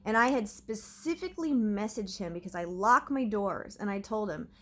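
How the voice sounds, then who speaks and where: A woman's voice: medium pitch, animated, moderate pace, fairly bright tone. A mother in her thirties tells a story at home in a loose, rambling way. She fills her talk with fillers and restarts. She acts out her own reactions and what others said, with plenty of drama in her retelling. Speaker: vlogger. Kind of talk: casual storytelling.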